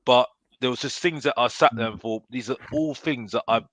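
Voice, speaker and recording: A man talking casually about football, animated and constantly tacking on "yeah?". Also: medium pitch, brisk, no echo. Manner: animated, keeps adding "yeah?". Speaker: football podcast guest. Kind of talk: casual chat.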